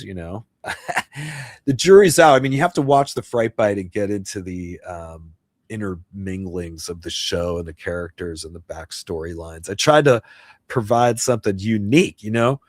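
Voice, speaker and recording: Rambling, chatty low-voiced man. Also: no room sound, studio quality. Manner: rambling, chatty, with frequent restarts and sudden excited jumps in pitch. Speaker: live stream host. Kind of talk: casual livestream chat.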